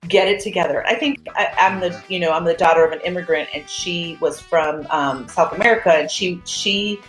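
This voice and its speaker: Animated woman in a roomy echo. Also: brisk, soft background music. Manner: animated storyteller, acts out quotes with big pitch jumps. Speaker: guest, actor and screenwriter. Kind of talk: casual video-call interview chat.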